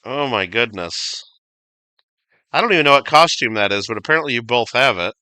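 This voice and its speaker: A man's voice: medium pitch, lively intonation, racing, pushed and bright, smooth, no room sound, studio quality. A man streaming a video game, chatting casually, reading viewer comments aloud and swearing now and then. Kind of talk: casual livestream gaming chat.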